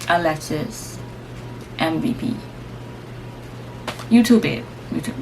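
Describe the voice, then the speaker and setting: A young woman vlogger and first-time mom telling her story casually to camera, lively and slangy. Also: low voice, slow, pauses often. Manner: lively, acts out voices, slangy and chatty. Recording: steady background noise.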